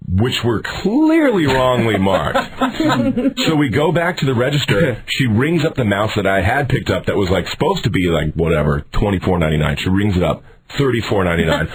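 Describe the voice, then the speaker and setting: A young man co-hosting a radio show, telling a story and getting worked up until he shouts in outrage. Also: lowish voice, big pitch swings, moderate pace, breathy edge, low-quality recording. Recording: radio studio broadcast.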